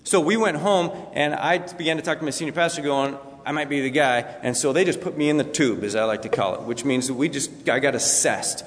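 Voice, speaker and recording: A man's voice: a little high, brisk, few pauses, in a large hall. A man preaching a sermon in a conversational way, acting out scripture with asides. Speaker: pastor.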